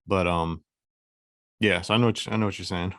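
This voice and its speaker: A man co-hosting a podcast, chatting in a relaxed, agreeable way and chuckling along. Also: low-pitched, a little fast, no room sound, clean studio sound. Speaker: podcast co-host. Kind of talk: casual chat.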